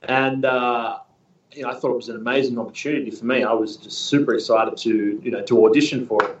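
A man in his thirties from Australia, a guest in a casual interview, talking in a rambling, relaxed way with many fillers. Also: medium pitch, fairly quick, slight background noise. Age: 30s. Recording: distant, echoey, muffled room sound.

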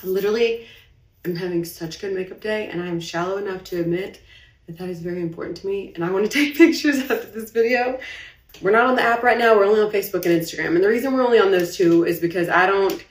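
A young woman talks straight into her phone late at night, rambling and confessional, fighting back tears as she says her anxiety has her heart racing. Her voice sits in an ordinary middle pitch. It carries some roomy echo and sounds a little distant from the mic. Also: fast. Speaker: business owner livestreaming. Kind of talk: emotional late-night live video monologue.

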